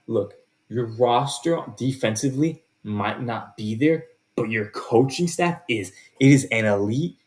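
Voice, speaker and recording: A man talking casually through his football predictions, with lots of fillers and restarts. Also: medium pitch. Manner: chatty, with many fillers and restarts. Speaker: sports video host.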